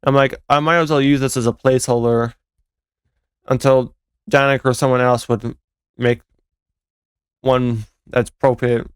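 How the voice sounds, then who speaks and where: A man's voice: medium pitch, fairly even intonation, unhurried, pauses often, clear, resonant tone, dry recording, studio quality. A young man, a fan game developer, casually commenting over footage, rambling and correcting himself as he goes. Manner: rambling, self-correcting, laughs at own jokes.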